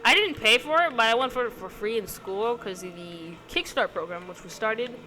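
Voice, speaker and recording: A young woman answers a question tag in loose casual chat, her pitch bouncing up and down. She hesitates and rambles, full of ums and likes, while clear music plays behind her. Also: animated, moderate pace. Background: background music.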